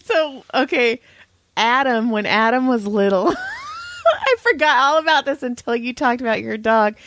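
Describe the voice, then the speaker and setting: A woman's voice: fairly high pitch, very animated, unhurried, fairly bright tone. A woman co-hosting a podcast, telling stories in a casual chat, laughing often and acting out quotes. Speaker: podcast co-host.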